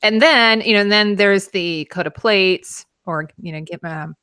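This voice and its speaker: Woman host with a bright tone and dry sound; chatty explainer with many fillers. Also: medium pitch, unhurried, smooth, no room sound. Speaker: costume show host. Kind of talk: casual chat.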